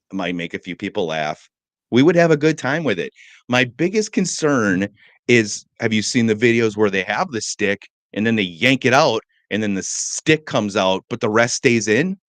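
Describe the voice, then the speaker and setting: A middle-aged man co-hosting a morning show, telling rambling, joking stories in a relaxed chat. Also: lowish voice, normal speed, dry recording. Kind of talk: casual chat.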